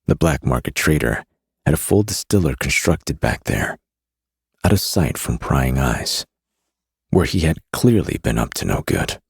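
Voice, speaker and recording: Very deep, gravelly male narrator. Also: very animated, measured pace, no room sound, clean studio sound. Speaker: audiobook narrator. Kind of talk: first-person fantasy audiobook narration.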